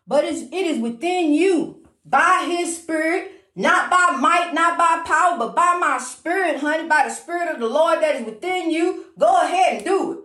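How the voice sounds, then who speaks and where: Woman, high voice, informal emphatic preacher, repeats lines, says honey a lot, echoey room. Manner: repetitive, emphatic, calls the listener honey; talks fast when excited. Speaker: inspirational speaker.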